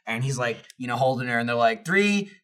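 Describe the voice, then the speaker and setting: A young man co-hosting a casual podcast, telling an animated story full of fillers and swearing. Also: mid-range voice, fast talker, clean tone. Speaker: podcast co-host.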